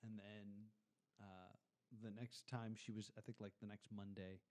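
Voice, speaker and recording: A man's voice: fairly low pitch, normal speed. A man telling a long personal story in casual podcast chat, swearing and acting out the people in it. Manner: animated, swears, mimics voices in his anecdotes. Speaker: podcast guest.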